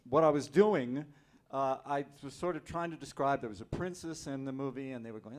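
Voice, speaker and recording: A man telling a lively anecdote as an actor on a convention panel, speaking into a handheld mic. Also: medium pitch, normal speed. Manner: lively, animated storyteller. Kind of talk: storytelling anecdote. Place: convention hall.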